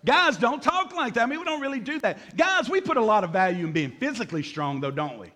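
A man in his fifties, a pastor preaching a sermon in a lively, joking way, acting out little scenes and calling for amens. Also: very high voice, quick pace. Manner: lively and joking, acts out voices, calls for amens from the congregation.

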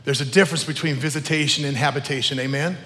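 A man's voice: on the high side, steady tone, fast, bright, forceful tone. Earnest male pastor preaching in a reverberant hall. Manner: earnest, emotional preaching with spoken prayers. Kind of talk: sermon. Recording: long reverb of a large hall.

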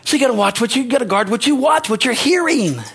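A male pastor delivering an emphatic sermon, his voice pitched high with a husky, breathy edge. He repeats lines for emphasis and drops in amens and hallelujahs, building to ringing exclamations. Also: lively intonation, fast, a bit bright. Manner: emphatic preaching with rising exclamations.

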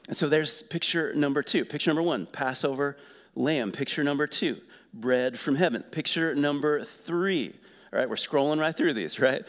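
A man's voice: fairly high pitch, normal speed. Conversational preacher man in a big hall. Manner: conversational, energetic preaching with rhetorical questions. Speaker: pastor. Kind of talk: sermon.

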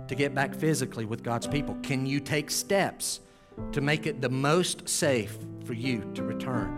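Pastor, male, mid-pitched, earnest sermon delivery, from urgent to hushed, faint music under. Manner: earnest, pleading, rises to urgent exhortation then drops to hushed prayer tone.

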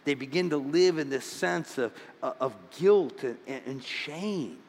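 A man's voice: on the high side, a little slow, big-room sound. A man preaching a sermon as pastor, stammering into restarts and building to fervent emphasis.

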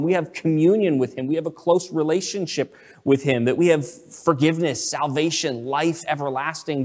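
A man's voice: mid-range voice, long reverb tail. A man giving a conversational sermon, full of fillers and restarts as he explains a passage. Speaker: preacher.

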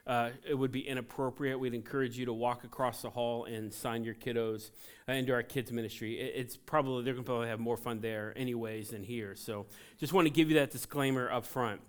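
A man in his forties from Ohio preaching a sermon in a church, conversational and joking, telling animated personal stories. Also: medium pitch, brisk, smooth. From Ohio, USA. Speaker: pastor. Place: church sanctuary.

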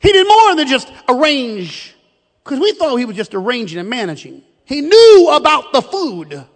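A man's voice: very high voice, sing-song, normal speed. A man preaching a sermon, emphatic and storytelling, often repeating words as he builds a point. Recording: reverberant hall.

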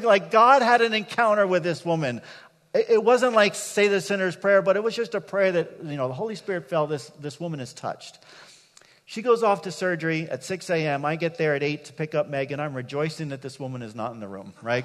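A man's voice: a little high, expressive, fairly quick, fairly bright tone. A man preaching a sermon as pastor, telling a personal story in a conversational way with asides to the congregation. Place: church sanctuary. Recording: long hall reverb.

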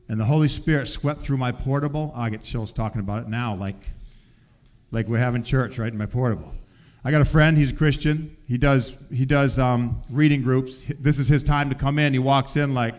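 Male teacher sharing a faith story; animated, acts out quotes, sinks quiet for the heavy parts. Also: brisk. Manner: animated storytelling with acted quotes, often drops soft and low.

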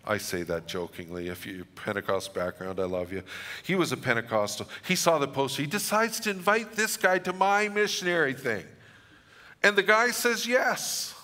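A man's voice: medium pitch, sharp tone, long reverb tail. A middle-aged man preaching a sermon, telling stories with humor and reading scripture dramatically. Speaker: pastor.

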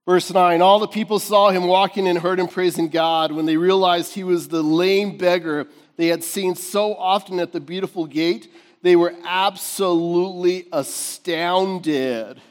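A man preaching a sermon to his congregation in a high, lively voice. He swings from near-shouts down to hushed tones and laughs often between points. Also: unhurried. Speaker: pastor.

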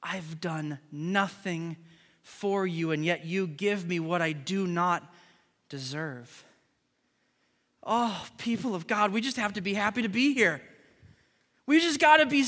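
Animated, bright-voiced preacher in a hall. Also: male voice, very high voice. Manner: animated storytelling, acting out dialogue. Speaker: pastor. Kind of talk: sermon. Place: church sanctuary. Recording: large hall with music behind.

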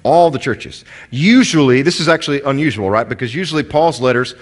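A man's voice: medium pitch, animated, fairly quick. A man with a Southern American accent preaching a sermon in a conversational way, with asides and stories. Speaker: pastor.

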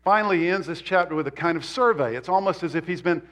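Man, pastor, church sermon, somewhat high voice, animated and emphatic. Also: fast talker. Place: church sanctuary.

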